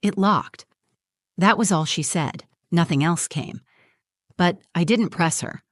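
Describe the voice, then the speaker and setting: A woman reading a scripted first-person story as a mother, in a steady, even storytelling manner. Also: fairly low pitch, measured pace, no room sound, clean studio sound.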